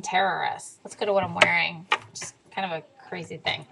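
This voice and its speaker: A young woman telling a story in a casual vlog to camera, animated and swearing freely, sometimes dropping to a whisper. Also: medium pitch, fairly quick, gravelly, heavy background noise. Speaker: diet vlogger.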